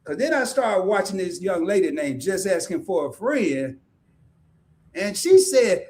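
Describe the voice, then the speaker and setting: A man with a Southern US accent hosting a casual interview, telling animated stories and laughing often. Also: sits high, measured pace. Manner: animated storyteller, laughs often, mimics sayings. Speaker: podcast host.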